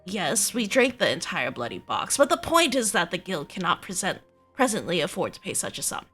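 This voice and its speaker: A grandiose, theatrical mage guild master, read out by a woman, declaiming with a lively, swooping pitch and a bright edge. Faint game music runs underneath. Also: a little fast, breathy edge, heavily acted. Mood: wry. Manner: dramatic, mock-solemn reading. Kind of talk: reading game dialogue aloud.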